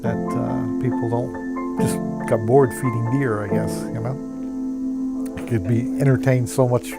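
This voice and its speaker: A man's voice: mid-range voice, level tone, measured pace, creaky. A man recalling a bygone place in a reflective documentary interview, rambling with many hesitations. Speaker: interviewee recalling a former zoo. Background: loud music.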